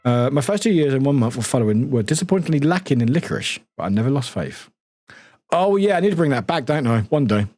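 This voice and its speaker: Lively husky-voiced man chatting on stream. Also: mid-range voice, fast talker, no echo. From United Kingdom. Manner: laughing, swearing, reading chat aloud. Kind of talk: casual live-stream chat. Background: faint background music.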